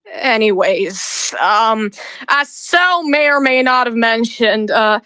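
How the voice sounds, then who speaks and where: A woman's voice: fairly high pitch, lively intonation, slow, pushed and bright, smooth, no echo. A woman ranting to camera in an emotional vlog, bitter and accusing, stammering and repeating words. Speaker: video creator.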